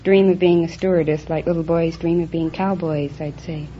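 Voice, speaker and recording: A woman's voice: deep voice, steady tone, normal speed. A woman, an airline stewardess, answering a quiz host's questions politely and plainly. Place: radio studio with audience. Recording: dull old broadcast recording with faint hiss.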